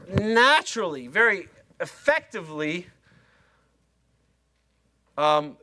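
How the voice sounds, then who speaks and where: A man's voice: sits high, pushed and bright. A middle-aged man lecturing a university class, chatty and self-mocking, talking straight to his students. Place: lecture hall.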